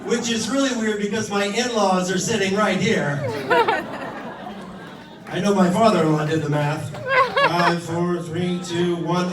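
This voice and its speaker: A high-voiced man in his thirties works through a stand-up set, swearing and acting out his family's lines with exasperated timing. The sound carries the echo of a club room, picked up from some way off the mic, and an audience laughs loudly throughout. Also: steady tone, a little slow, pauses often, very noisy. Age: 30s. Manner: profane, exasperated storytelling with acted-out quotes. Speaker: stand-up comedian. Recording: echoey room, mic heard from a distance, crowd laughter.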